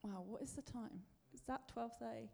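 A woman's voice: a little high, normal speed, creaky, darkish tone. A woman preacher giving a sermon in a chatty, self-deprecating way, building to emphatic bursts. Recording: long reverb of a large hall.

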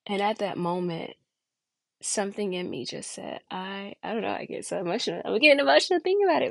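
A woman in her thirties talks earnestly on a faith podcast, leaning on rhetorical questions. Her voice sits fairly low and carries a gravelly rasp. The recording is close and dry. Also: no room sound. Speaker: podcast host.

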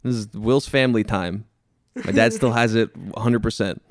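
A young man chatting casually as a podcast guest, relaxed and laughing, a bit self-deprecating. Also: fairly low pitch, moderate pace. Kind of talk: casual chat.

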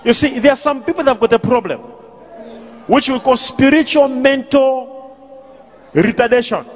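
A man preaching and prophesying at a live church service, commanding and repetitive, often shouting. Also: extremely high pitch, moderate pace, some chatter behind, slight background noise. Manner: commanding, repeats questions, shouts phrases. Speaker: pastor and prophet.

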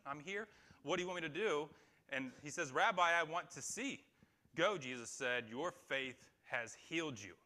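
A man's voice: medium pitch, bright, forceful tone. A man preaching a sermon in a small church room, talking conversationally and putting questions to the people in front of him. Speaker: pastor.

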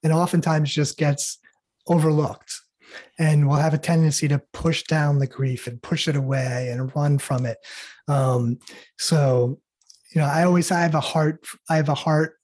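A middle-aged man speaking earnestly and haltingly as a guest in an interview. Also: fairly high pitch, darkish tone, slightly rough. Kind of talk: emotional interview talk.

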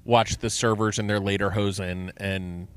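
A man's voice: on the low side, steady tone, moderate pace, clean tone. A middle-aged man co-hosting a podcast, chatting casually and enthusiastically and asking lots of questions. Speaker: podcast co-host. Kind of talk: casual chat.

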